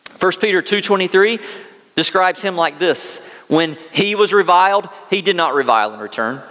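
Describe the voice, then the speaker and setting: A man's voice: high voice, expressive, moderate pace, fairly bright tone, long reverb tail. A man with a Southern US accent preaching a sermon as pastor, mixing scripture reading with folksy, conversational asides.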